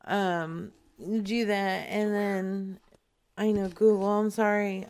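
A woman's voice: mid-range voice, little pitch movement, slow, a little mellow, clear, resonant tone. A woman hosting a casual live chat, teasing and crude, dragging her words out.

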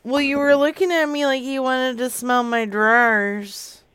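A man's voice: very high-pitched, fairly even intonation, unhurried, pushed and bright, clear, resonant tone, heavily acted. A man playing a tipsy, flirty woman caller on a prank phone call, drawling lewd come-ons.

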